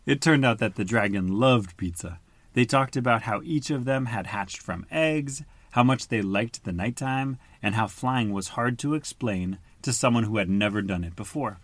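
A man's voice: mid-range voice, normal speed, no room sound. Patient man reading a picture book to a child. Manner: patient, explains words simply. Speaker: storybook reader.

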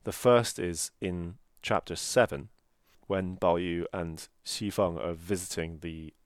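A man's voice: low voice, fairly even intonation, takes it slowly, no room sound, clean studio sound. A man co-hosting a podcast, explaining a classic novel in a careful, explanatory way. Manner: explanatory, careful, pronounces Chinese terms. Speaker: podcast co-host. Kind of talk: casual book discussion.

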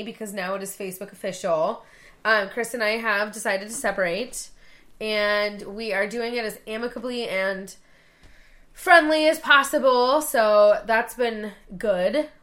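A woman in her thirties chats on a podcast in a bright, ringing voice. She swears freely and acts out the people in her stories with sudden jumps in pitch. Her delivery is loose and conversational. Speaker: podcast co-host. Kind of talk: casual chat.

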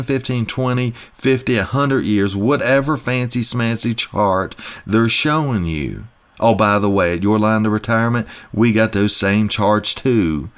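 A man with a somewhat low voice delivers a folksy, emphatic pitch about retirement money. He drives his points home with repetition, in the manner of a host promoting his own practice. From United States. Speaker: financial advisor host. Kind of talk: promotional radio-style talk.

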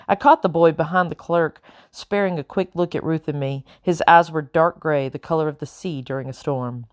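This audiobook narrator reads a novel from a script, her low voice keeping a steady, even storytelling pace. The sound is dry and studio quality.

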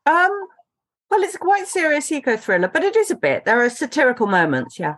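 A woman on a book panel, giving measured views on novels she picked. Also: sits high, wildly swooping pitch, a bit bright, no echo, studio quality. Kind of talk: casual chat.

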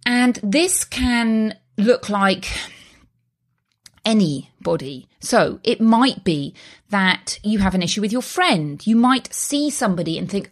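A woman's voice: medium pitch, expressive, a little slow. A woman in her thirties, speaking as a host in a solo motivational talk, earnest, reassuring and conversational.

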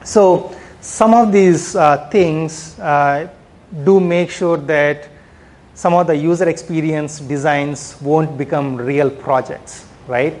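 A man's voice: fairly high pitch, fairly even intonation, slow pace, darkish tone. A man giving a conference talk on product management, speaking conversationally and often ending points with "right?". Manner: conversational, frequent "right?" tags and fillers.

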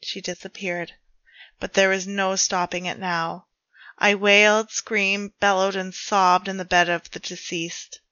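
Woman storyteller, bright voice, dull dry recording, measured delivery. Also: mid-range voice, level tone, clean tone, dry recording. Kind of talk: reading her own dark fiction aloud.

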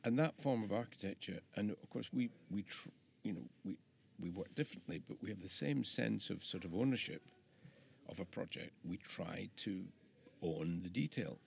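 Gravelly middle-aged man, rambling. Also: low voice, moderate pace, highs cut off. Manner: rambling, restarts often, reflective. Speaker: architect guest. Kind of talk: casual interview chat. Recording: faint background noise.

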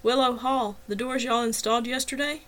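A woman's voice: a little high, fairly even intonation, brisk, natural voice. A woman voicing a friendly male work supervisor, hearty and chatty.

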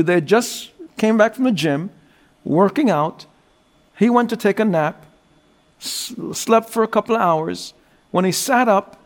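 A man preaching a sermon, telling a story and dropping low and slow for scripture and prayer. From New Jersey. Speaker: guest preacher.

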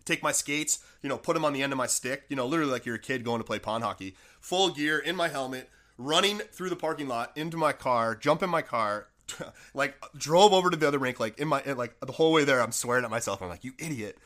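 Man, ex-player turned coach, quick chatty podcast storyteller with a bright, forceful voice. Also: medium pitch. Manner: rambling, animated, many "like" fillers. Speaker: former pro hockey player, now coach.

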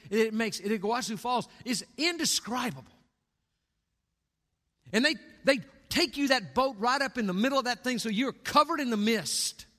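Pastor, middle-aged man, high and bright, long church reverb, dramatic sermon delivery. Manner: dramatic swings between hushed and booming delivery. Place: church sanctuary.

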